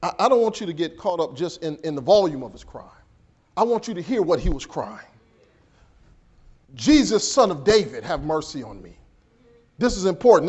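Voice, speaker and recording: A man preaching a sermon as pastor, swinging between hushed and raised delivery, often repeating words as he builds a point. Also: slightly rough, lo-fi sound. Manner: preaching with dramatic swings in pitch and volume.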